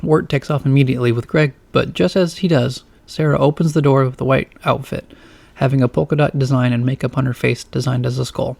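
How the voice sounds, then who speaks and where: A man narrating a novelized storybook in a plain, steady reading voice. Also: mid-range voice, fairly quick, vocal fry, dry recording.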